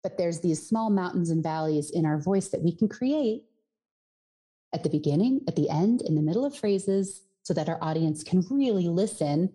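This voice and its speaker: A woman's voice: fairly low pitch, lively intonation, normal speed, warm tone. A woman from Colorado who coaches voice and singing, explaining in a podcast interview and sometimes demonstrating with her own voice.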